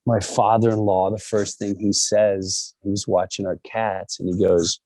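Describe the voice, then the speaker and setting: Animated middle-aged man telling stories. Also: measured pace. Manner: animated, acts out other people's voices with big pitch jumps. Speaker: interview guest. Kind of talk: personal storytelling in an interview.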